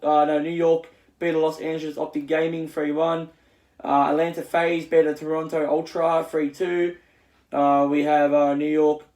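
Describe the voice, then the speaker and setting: Halting man with fillers, echoey room. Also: fairly high pitch, darkish tone. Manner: halting, full of fillers and restarts. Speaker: channel host. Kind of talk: casual esports results recap.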